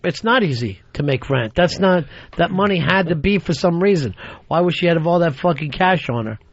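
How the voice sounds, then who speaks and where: A man hosting a radio talk show, telling profane stories in an animated way and laughing through them. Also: a little high, normal speed, dry recording. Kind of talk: profane storytelling chat. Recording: lo-fi radio broadcast recording.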